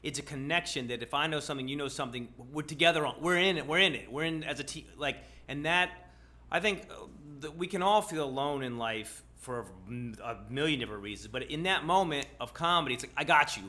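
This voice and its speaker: Rambling man with a bright voice. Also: on the high side, fast. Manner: rambling, trails off, repeats words. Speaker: comedian and podcast co-host. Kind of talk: casual panel chat.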